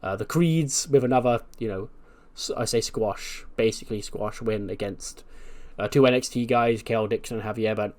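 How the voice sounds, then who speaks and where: A man's voice: lowish voice, moderate pace, darkish tone. A man casually narrating a wrestling management game run, chatty and full of fillers. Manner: chatty, filler-heavy recapping. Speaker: game commentator.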